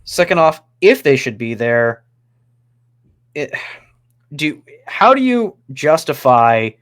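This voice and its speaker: A man's voice: on the high side, sing-song, takes it slowly, a bit bright. A man hosting a hockey podcast in casual chat, steering topics with a joking tone. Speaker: podcast host.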